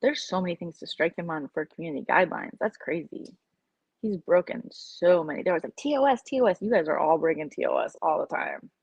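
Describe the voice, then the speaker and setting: A woman's voice: lowish voice, lively intonation, fast, darkish tone, husky, no room sound, dull audio. A woman vlogger in casual live-stream chat, rambling and opinionated as she reacts to her viewers' comments.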